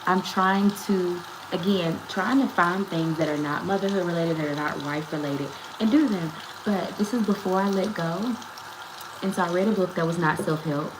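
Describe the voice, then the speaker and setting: A chatty woman in her thirties with a drawl hosts a relaxed live stream from home, speaking into a phone on a tripod. Her voice sits a little low, and the room gives it a noticeable echo with a faint hum of ambience behind. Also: moderate pace. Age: 30s. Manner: chatty, greeting viewers by name and laughing often. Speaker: lifestyle vlogger and host. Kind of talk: casual live-stream chat. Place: at home, indoors.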